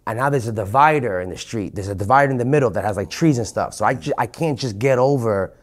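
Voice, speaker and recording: A man from New York with a New York accent, a podcast guest telling stories in a casual, animated way, swearing heavily and acting out what people said. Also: mid-range voice. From Queens, New York. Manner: animated, fast, heavy swearing, acts out quotes. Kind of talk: casual storytelling.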